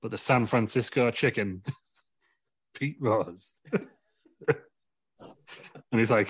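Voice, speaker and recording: A man's voice: medium pitch, extremely slow, long pauses, husky, dry recording. A man telling a rambling comic wrestling story, laughing through his own jokes. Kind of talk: comedic storytelling.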